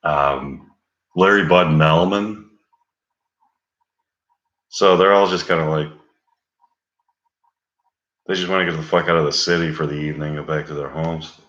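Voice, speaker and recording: A man's voice: extremely low pitch, steady tone, measured pace, pauses often, fairly bright tone, reverberant, muffled recording. A man telling an improvised, rambling comic story, meandering and stalling to think. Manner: meandering, full of fillers and stalls. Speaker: comedic storyteller.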